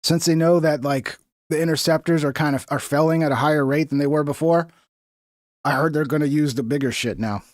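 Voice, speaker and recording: A man's voice: on the high side, fairly even intonation, a little fast, dry recording, studio quality. A young man streaming, ranting about the news in a heated, profane, rambling way. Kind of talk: casual political commentary.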